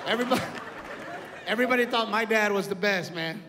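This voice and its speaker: A man performing a stand-up comedy set, telling family stories in an animated way and yelling out the punchlines. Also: high voice, quick pace, crowd noise. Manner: loud animated storytelling, yells while acting out his family. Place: comedy club stage. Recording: echoey club with audience and noise. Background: audience laughter.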